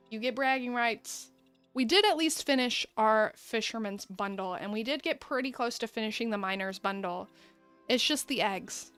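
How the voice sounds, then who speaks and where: A woman's voice: fairly high pitch, fairly bright tone. A woman chatting casually through a game stream, rambling, laughing often and talking to her viewers. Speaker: gaming streamer. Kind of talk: casual gameplay commentary.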